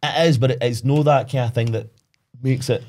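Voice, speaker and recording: A young Scottish man chatting casually as a podcast co-host, rambling and animated, often asking "do you know what I mean". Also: medium pitch, brisk. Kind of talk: casual chat.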